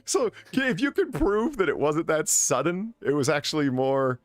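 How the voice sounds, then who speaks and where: A man's voice: a little high, expressive, normal speed, no echo, clean studio sound, faint music behind. An American man hosting a casual podcast, reading news items aloud, swearing and laughing. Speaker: podcast host. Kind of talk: casual chat.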